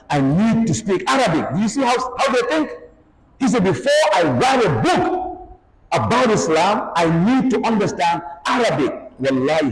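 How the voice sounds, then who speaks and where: A man preaching with lively, swooping pitch and emphatic bursts of force, his voice sitting a little high. He is heard in an echoey hall with long reverb and a faint hum of background noise. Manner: animated, emphatic preaching with frequent exclamations. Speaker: Islamic lecturer. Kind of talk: religious lecture.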